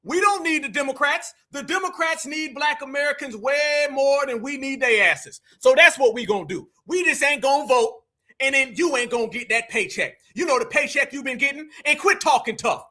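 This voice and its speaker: A man giving heated, profane reaction commentary and often shouting. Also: very high-pitched, normal speed. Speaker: political commentator reacting to clips.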